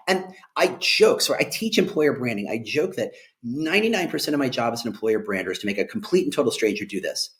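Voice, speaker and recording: A middle-aged man, a guest on an interview, talking in an animated, joking way and often tagging lines with "right?". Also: medium pitch, a little fast, few pauses. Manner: animated, jokey, emphatic with rhetorical "right?". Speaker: guest, employer branding expert. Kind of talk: conversational interview.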